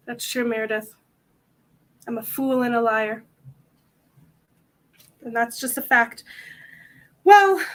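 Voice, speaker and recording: A woman's voice: fairly high pitch, a bit bright. A young woman hosting a convention panel, chatting casually to the audience in a rambling, self-mocking way.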